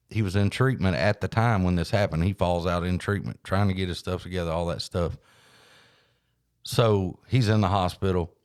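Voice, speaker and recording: A man, hosting a podcast and telling a story in a folksy, animated way. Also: low voice, smooth, no echo, studio quality. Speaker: podcast host. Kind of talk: casual storytelling chat.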